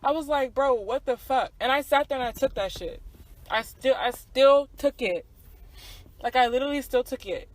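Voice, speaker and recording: A woman's voice: high voice, moderate pace, no echo, rough recording. A woman in her twenties, co-hosting a podcast and telling a personal story in casual chat, candid and profane, with many fillers and asides to her listeners. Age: 20s. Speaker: podcast co-host.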